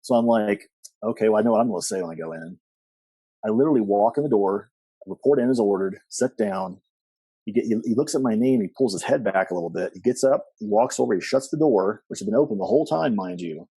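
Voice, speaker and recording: Middle-aged male podcast guest, rambling storyteller, low and mellow voice, husky and dry. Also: fast, no room sound. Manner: rambling with many fillers and restarts, animated quoting. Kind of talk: storytelling interview.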